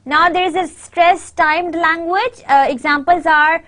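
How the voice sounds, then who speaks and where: A high-pitched woman lectures in English, though her first language is Urdu. She often pauses on "uh" and stretches out her example sentences slowly, one word at a time. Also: steady tone, bright, forceful tone. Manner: many fillers, reads out example sentences slowly. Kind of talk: university lecture.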